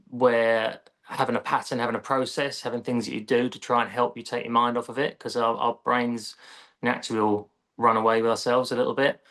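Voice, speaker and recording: English golf coach, relaxed explainer. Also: male voice, mid-range voice, vocal fry. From England. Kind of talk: casual podcast interview.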